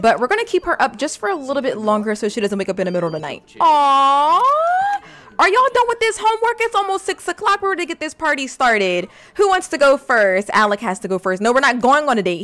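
Lively, animated young woman gamer. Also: on the high side. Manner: chatty and expressive, talks to viewers. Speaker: gaming YouTuber. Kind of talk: casual let's-play commentary.

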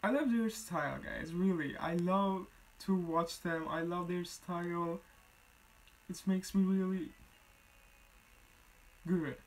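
A reaction video host talking casually while watching a music video, exclaiming often in simple, halting phrases. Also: mid-range voice, low-quality recording. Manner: excited, exclaims repeatedly.

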